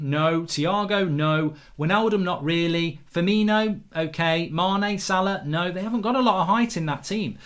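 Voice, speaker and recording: Brief: middle-aged man, football fan stream host, animated and excitable, swears freely, slightly high voice. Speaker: football fan channel host reading live chat. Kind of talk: casual live-stream commentary.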